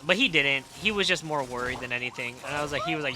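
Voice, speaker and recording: A man's voice: mid-range voice, quick pace, music in the background. Tired young man telling a story on stream. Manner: animated storytelling, swears casually. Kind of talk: casual gaming stream chat.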